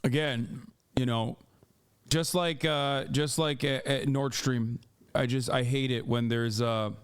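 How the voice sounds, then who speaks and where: A man's voice: mid-range voice, fairly even intonation, slow, smooth. A man hosting a live reaction stream, talking casually and breaking into heated, profane rants. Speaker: streamer host.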